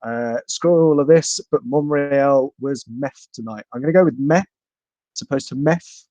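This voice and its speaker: A man's voice: mid-range voice, normal speed, mellow, no room sound. A man with a Bristol accent hosting a live football podcast, joking and reading out viewer donations. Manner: jokey, reads out viewer donations. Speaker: podcast host.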